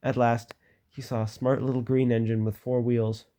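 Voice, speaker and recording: A man's voice: medium pitch, little pitch movement, mellow. Man reading a children's book aloud. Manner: plain, unhurried reading with casual asides. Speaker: reader.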